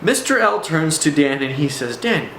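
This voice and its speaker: A man's voice: fairly high pitch, lively intonation, moderate pace, fairly bright tone. A man telling a personal story in a casual, rambling way, with fillers and restarts. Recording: echoey room, faint background noise.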